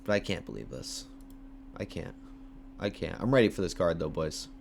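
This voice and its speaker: A young man livestreaming casual commentary, talking in hyped, repetitive bursts with slang and shout-outs to viewers. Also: deep voice, sing-song, normal speed, creaky, slight background noise. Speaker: MMA livestreamer.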